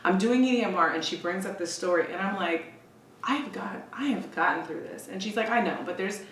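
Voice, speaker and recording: Intense woman telling a raw personal story. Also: fairly bright tone. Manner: emotional, intense, quick asides, quotes others in a lowered voice. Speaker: podcast guest. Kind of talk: candid conversational storytelling. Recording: roomy echo, distant from the mic, faint hiss.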